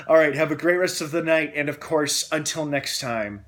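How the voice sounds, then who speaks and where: A young man hosting a casual film review, excitable and gushing, acting out scenes as he retells them. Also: fairly high pitch, normal speed.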